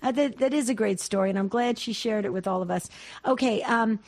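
A woman's voice: on the high side, a little fast, darkish tone. A woman hosting a call-in radio show, effusive and repetitive, often stumbling over restarts.

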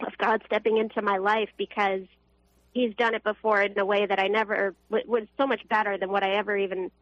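A woman's voice: mid-range voice, flat delivery, brisk, dry recording. A young woman calling in to a radio show, telling a personal faith story earnestly, with fillers and restarts. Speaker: caller. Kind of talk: emotional personal testimony. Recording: dull phone line, dry.

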